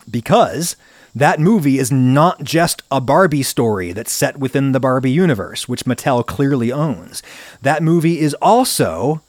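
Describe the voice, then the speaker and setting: A man giving an opinionated explanatory commentary on a video, talking in an animated way that climbs into emphatic outbursts. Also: fairly high pitch, dry recording. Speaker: video essayist.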